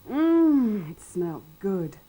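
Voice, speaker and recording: Slow, expressive woman reading a storybook. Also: medium pitch, low-quality recording. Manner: expressive, sing-song and playful. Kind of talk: reading a children's story aloud.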